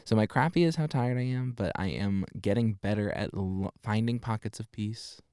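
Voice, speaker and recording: A man in his twenties, a seminarian co-hosting a podcast, talking in a relaxed, reflective and affirming way. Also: fairly low pitch, normal speed, clear, resonant tone, no echo, clean studio sound. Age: 20s. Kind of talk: casual podcast chat.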